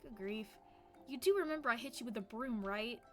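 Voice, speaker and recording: A woman doing a gruff, curt village woman. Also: a little high, brisk, soft background music, natural voice. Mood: dry. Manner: curt, dry and grumbling. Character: gruff, sharp-tongued young village woman.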